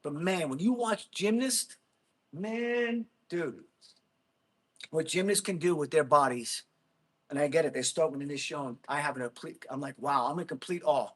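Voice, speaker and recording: Excitable, rambling livestreamer. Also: male voice, a little high, normal speed, husky. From Jersey City, USA. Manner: rambling, excitable, laughs a lot, talks to chat. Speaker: livestream host, Marine veteran. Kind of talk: casual livestream chat.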